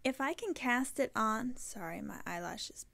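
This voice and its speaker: A woman's voice: a little high, expressive, moderate pace, creaky, a bit bright. A woman hosting a knitting podcast, talking casually and rambling, often correcting herself mid-sentence. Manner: rambling, self-correcting, chatty. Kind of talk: casual chat to camera.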